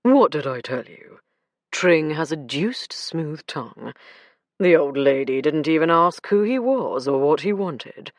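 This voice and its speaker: A measured, dry-humoured chief inspector with a lowered, darker voice, as a woman reading an audiobook puts him on. The sound is close and dry. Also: lively intonation, no echo.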